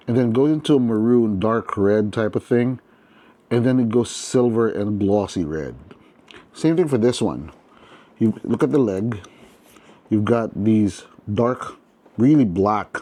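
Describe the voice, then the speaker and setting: A man's voice: medium pitch, darkish tone. A man hosting a casual toy unboxing review, chatty and enthusiastic, talking straight to his viewers with frequent restarts.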